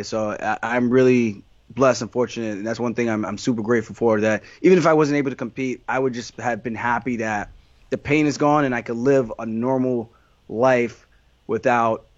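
A man's voice: mid-range voice, dry recording. A man being interviewed about his fighting career, talking in a candid, meandering way full of restarts and fillers. The sound is dry and slightly dull, as though the voice was captured close with no room around it. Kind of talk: casual interview answers.

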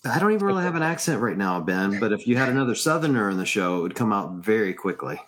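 Easygoing low-voiced Southern man. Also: big pitch swings, fast talker, crowd noise. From Mississippi, USA. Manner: joking, easygoing, wraps up with sponsor plugs. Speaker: podcast co-host. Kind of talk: casual podcast chat.

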